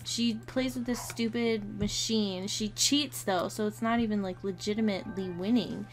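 A woman's voice: medium pitch, steady tone, normal speed. A young woman giving a chatty, giggly commentary on a life-simulation game, often talking to her characters. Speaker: gameplay commentator. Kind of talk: casual let's-play commentary. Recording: faint game music behind.

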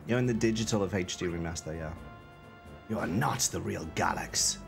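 A man's voice: low-pitched, normal speed, creaky, faint music behind. A young man streaming a game, bantering and joking in rambling commentary. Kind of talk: live gameplay commentary.

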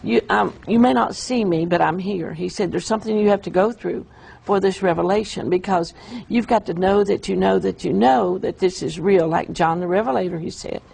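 A woman telling an emotional, halting account of a vision in an interview. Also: medium pitch, vocal fry, a little mellow, slightly rough, rough recording. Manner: emotional, halting storytelling with restarts. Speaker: guest describing a vision. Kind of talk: earnest testimony in an interview.

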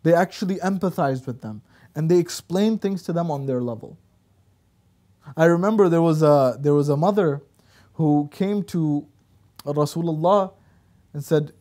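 Animated high-voiced man telling stories. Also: moderate pace, long pauses. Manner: storytelling preacher, animated and emphatic. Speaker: guest speaker. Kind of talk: religious talk show discussion.

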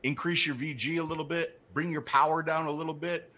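A man's voice: on the high side, steady tone, brisk, sharp tone, a little hiss or hum. A man co-hosting a live call-in show, ranting with fire and repeating his points for emphasis. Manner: fired-up ranting, repeats himself. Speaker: co-host.

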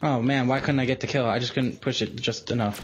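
A young man hosting a gaming video, chatting casually and playfully, breaking into sing-song chants and excited bursts. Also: medium pitch, brisk, lo-fi sound, a crowd in the background. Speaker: gaming channel host. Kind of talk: casual gameplay chat.

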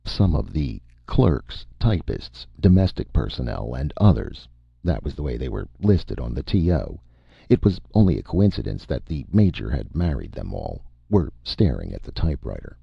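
A man narrates an audiobook in a very deep, gravelly and husky voice. His delivery is lively, with pitch rising and falling through the tale. The sound is dry and a bit dull. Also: moderate pace, no echo. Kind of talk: scripted first-person narration.

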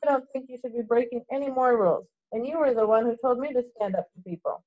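A woman's voice: on the high side, fast talker, pitched above the performer's own voice, lightly acted. A woman voicing a timid schoolboy wizard who is trying to stand firm, shaky and defiant, in a storybook read-aloud on a dull lo-fi recording. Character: timid boy wizard steeling himself, desperate.

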